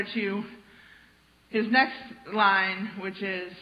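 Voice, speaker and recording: A woman preacher giving a sermon in an animated, conversational storytelling manner. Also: medium pitch, measured pace. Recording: dull lo-fi sound.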